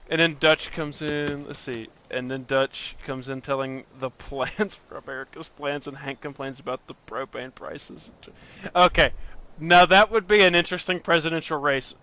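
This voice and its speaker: A young man chats loosely through a let's-play, wandering from thought to thought and chuckling as he goes. His voice sits a touch high, with a bright, forward edge. A faint hiss runs under the mic. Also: steady tone, moderate pace. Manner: rambling, laughs often, restarts. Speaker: gaming channel host. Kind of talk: casual let's-play chat.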